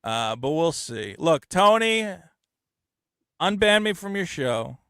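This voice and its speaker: A man's voice: on the high side, very animated, takes it slowly, a bit bright, clear, resonant tone, no echo, clean studio sound. A man hosting a podcast in casual, blunt, profane chat, often mocking others in exaggerated voices. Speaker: podcast host.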